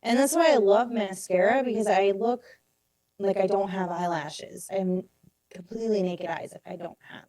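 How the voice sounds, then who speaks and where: A young adult woman co-hosting a podcast in casual chat, self-deprecating and quick to laugh. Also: mid-range voice, fairly even intonation, dark tone, no room sound. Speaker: podcast co-host.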